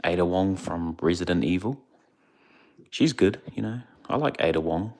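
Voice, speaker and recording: A young man from India, chatting quietly on a livestream into his phone so he won't wake the people around him. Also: deep voice, moderate pace. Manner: speaking quietly, hushed. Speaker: streamer. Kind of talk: casual livestream chat. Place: indoors away from home, others asleep.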